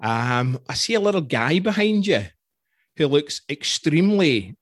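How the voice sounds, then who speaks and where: A man's voice: a little high, sing-song, unhurried, no room sound. A middle-aged man with a Scottish accent, hosting a casual interview and telling stories with easy laughs. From Scotland. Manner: chatty, laughs easily, storytelling. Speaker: podcast host.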